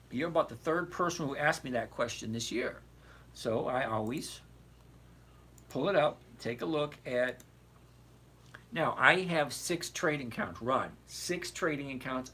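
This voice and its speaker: Chatty older man with a bright voice. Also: medium pitch, slight background noise. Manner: rambling, digressive, chatty, addresses viewers by name. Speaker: trading livestream host. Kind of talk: casual livestream chat answering viewer questions.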